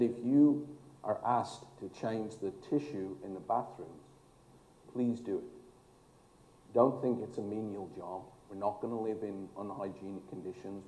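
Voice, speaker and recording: Storytelling former fire chief in an echoey hall. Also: male voice, lowish voice, mellow, a little hiss or hum. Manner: storytelling, emphatic, with dry humor. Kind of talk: motivational speech to an audience.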